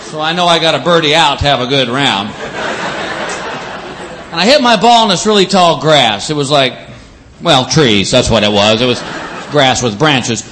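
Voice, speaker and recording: A man's voice: medium pitch, moderate pace, long pauses, a little hiss or hum. A man doing a stand-up comedy set, telling stories and acting out the other people's voices. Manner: animated storytelling with acted-out voices.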